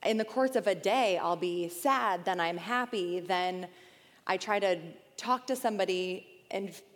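A woman's voice: mid-range voice, a little slow. A woman talking candidly with the pastor as co-host, in a confiding and tentative way. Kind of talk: casual chat. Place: church auditorium. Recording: long hall reverb.

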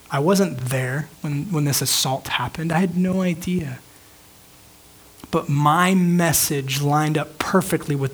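A man's voice: a little high, a bit bright. A young man who is a pastor, preaching a sermon in a casual storytelling manner, full of "like" and restarts. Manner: casual, filler-heavy storytelling with frequent "like".

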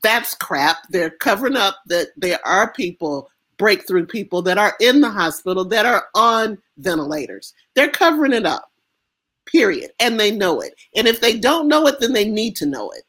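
An American woman speaking as an interview guest, impassioned and emphatic, with halting restarts. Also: mid-range voice, sing-song, a bit bright, slightly rough. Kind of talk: emotional interview conversation.

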